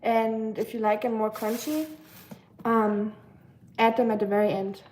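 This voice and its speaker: A woman's voice: a little high, level tone, a little slow, a little mellow, slight background noise. A woman from Germany with a German accent, chatting casually on a livestream while cooking in her kitchen, with loose talk full of fillers. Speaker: livestream host. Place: home kitchen.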